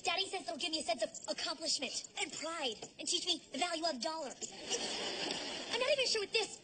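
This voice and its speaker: An actress playing a spoiled, clueless young rich heiress who whines melodramatically, on a noisy TV soundtrack. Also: female voice, very high-pitched, expressive, fast. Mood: whiny. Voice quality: whiny, airheaded drama. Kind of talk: sitcom acting.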